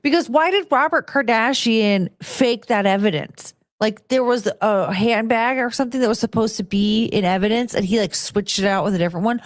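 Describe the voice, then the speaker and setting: A woman's voice: a little high, normal speed, few pauses, no room sound, clean studio sound. A young woman hosting a casual livestream, chatty and rambling, slipping into baby talk with her dog. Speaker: livestream host.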